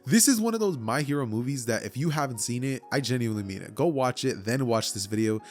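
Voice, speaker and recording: A man's voice: medium pitch, animated, fast talker. Casual male fan storyteller. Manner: casual, chatty, with asides to viewers.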